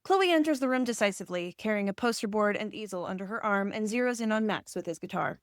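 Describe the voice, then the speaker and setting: A woman reading a screenplay's stage directions aloud in an even, plain way. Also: mid-range voice, quick pace, no echo, studio quality. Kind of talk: scripted narration.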